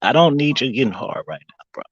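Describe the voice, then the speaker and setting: Man, husky voice, bouncy lively pitch, dry close sound, casual livestream rant, mocking. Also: brisk, no echo, highs cut off. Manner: animated, mocking, laughs often between lines.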